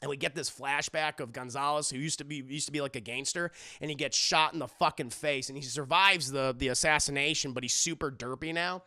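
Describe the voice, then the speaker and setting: A young man streaming a casual, profane recap of an animated show, talking to his chat. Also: fairly high pitch, a little fast, few pauses, no echo, studio quality. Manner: excitable, profane, talks to chat, acts out characters. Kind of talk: casual livestream recap commentary.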